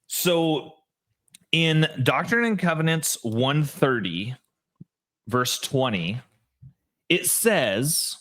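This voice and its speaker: A man's voice: on the high side, very slow, long pauses. A man co-hosting a podcast, telling stories in casual chat with lots of "like" and restarts. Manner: animated storyteller, lots of "like" and restarts. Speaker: podcast co-host.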